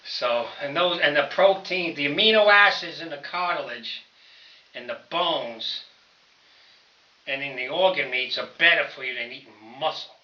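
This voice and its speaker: A man's voice: a little high, normal speed. An older man chatting casually to camera while lifting at home, rambling and folksy as he calls his viewers fellas. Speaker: home powerlifting vlogger. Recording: roomy, distant, dull camera audio.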